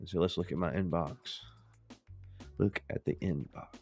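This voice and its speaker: A man's voice: sits low, measured pace, darkish tone, husky, soft background music. A male podcast host in a casual, playful demo chat, joking and talking to the viewers as folks.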